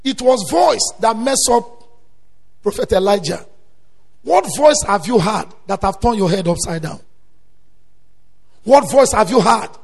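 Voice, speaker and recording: Man, preacher, very high gravelly voice, emphatic sermon, long hall reverb. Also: expressive, measured pace, long pauses. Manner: emphatic preaching, swinging from low storytelling to loud exhortation.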